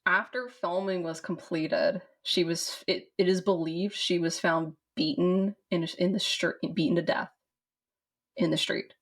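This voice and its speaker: In a casual podcast chat about a film, this co-host, a woman from the southern United States, rambles and restarts with lots of fillers. She speaks in a lowish, steady voice at a measured pace.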